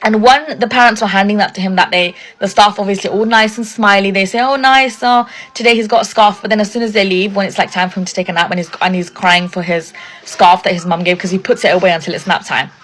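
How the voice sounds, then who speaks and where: A woman's voice: medium pitch, steady tone, quick pace, fairly bright tone. A young woman telling a casual storytime, chatty and indignant, with many filler words.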